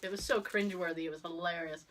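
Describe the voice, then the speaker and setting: A woman hosting a podcast, telling a story in casual chat, animated and laughing often as she acts out quotes. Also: fairly low pitch, fast talker. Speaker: podcast host.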